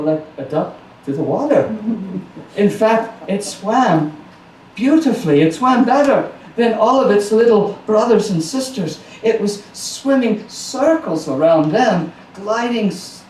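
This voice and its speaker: A man's voice: high-pitched, lively intonation, a little slow, a little mellow, a little hiss or hum. A man telling a folk tale live to a small audience, playful, with chatty asides. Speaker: storyteller. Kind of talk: live storytelling performance. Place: small house concert venue. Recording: roomy live recording from a distance.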